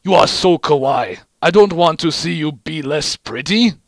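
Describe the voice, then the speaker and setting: A man's voice: a little high, lively intonation, normal speed, no room sound, studio quality. A man voicing a big, affectionate male soldier who speaks in broken English, in a fan story he reads aloud.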